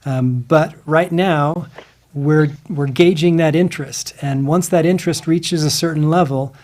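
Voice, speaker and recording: A man hosting a livestream in a casual, halting way, with many fillers and restarts. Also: fairly high pitch, fairly even intonation, darkish tone. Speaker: livestream host.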